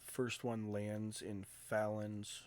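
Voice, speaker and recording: A man acting as game master, calmly narrating combat results and calling on players in turn. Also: fairly low pitch, slow pace, clear, resonant tone. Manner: calm, matter-of-fact narration of combat results. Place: home streaming setup.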